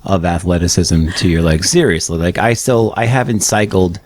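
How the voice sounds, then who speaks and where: A man's voice: low-pitched, normal speed, darkish tone. A man co-hosting a podcast, chatting casually and teasing his co-host. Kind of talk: casual chat.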